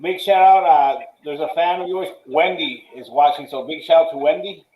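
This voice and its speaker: A man hosting a casual interview, asking questions and giving shout-outs. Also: on the high side, moderate pace. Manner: easygoing, asks questions and gives shout-outs. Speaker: host. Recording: roomy echo.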